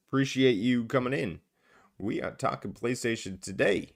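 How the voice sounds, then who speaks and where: A man's voice: medium pitch, takes it slowly, creaky, pauses often, fairly bright tone. A man co-hosting a gaming podcast in a casual, chatty way, with plenty of ums and uhs. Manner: chatty, filler-heavy, upbeat. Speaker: podcast co-host.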